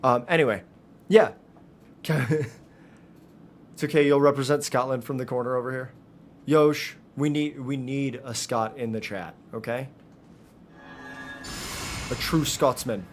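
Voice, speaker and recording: A man from Michigan with a Michigan accent, chatting with his viewers and reacting loudly while live-streaming a game. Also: medium pitch, measured pace, pauses often, a little hiss or hum. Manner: chatty, joking with chat, loud outbursts.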